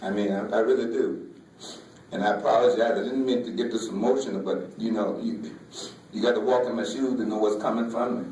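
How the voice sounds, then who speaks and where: A man, a folk artist, giving an emotional personal talk in a halting way, often repeating words, with Southern vernacular. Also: fairly low pitch, steady tone, darkish tone, a little hiss or hum. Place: museum lecture hall. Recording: echoey hall, voice from far off.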